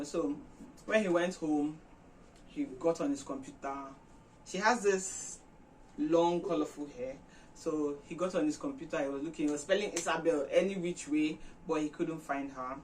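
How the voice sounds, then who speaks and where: A woman vlog host retelling a movie plot in a chatty, animated way with many fillers. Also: low-pitched, moderate pace, far from the mic, a little hiss or hum, low-quality recording. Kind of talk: casual storytelling retelling a film.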